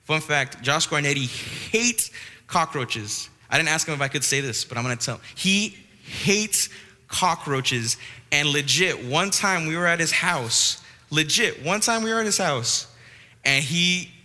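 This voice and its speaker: A young man preaching to a church youth group. He is animated and joking, with restarts. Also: a little high, measured pace, big-room sound. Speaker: youth pastor. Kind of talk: youth sermon with storytelling. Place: church hall.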